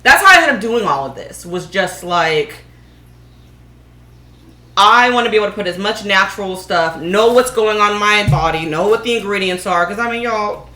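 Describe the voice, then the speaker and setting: A woman's voice: medium pitch, bright, forceful tone. A woman making laundry soap at home and chatting casually to viewers, joking as she works. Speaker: DIY vlogger. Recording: echoey room.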